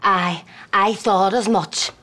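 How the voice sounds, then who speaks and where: A woman's voice: mid-range voice, steady tone, slow pace, a bit bright. An actress playing an exasperated, scolding middle-aged mother with a Derry accent in a sitcom. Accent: Derry, Northern Irish. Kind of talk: sitcom acting.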